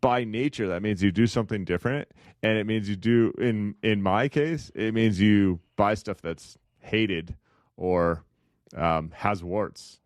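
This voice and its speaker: Podcast co-host, male, low voice, dry close sound, rambling contrarian chat. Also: a little slow, no echo. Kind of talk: casual investing chat.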